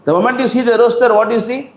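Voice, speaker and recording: High-voiced preacher in echoey hall. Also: male voice, steady tone, rapid-fire, slight background noise. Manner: rhetorical questions, acted-out quotes. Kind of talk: scripture class. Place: temple hall. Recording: roomy hall echo.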